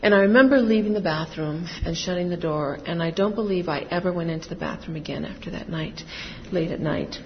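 Speaking fairly quickly and barely pausing, a middle-aged woman with a fairly low voice offers a group her confessional, candid account of recovery, her feelings rising and falling. The hall recording is distant, reverberant, dull and faintly noisy.

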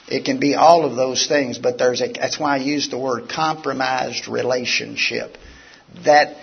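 A man giving a casual, animated talk on recovery to a live audience, telling stories as he explains. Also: mid-range voice, unhurried. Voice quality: gravelly, raspy. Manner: conversational, animated storytelling. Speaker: lecturer on addiction recovery. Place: meeting hall with audience. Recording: dull lo-fi live recording.

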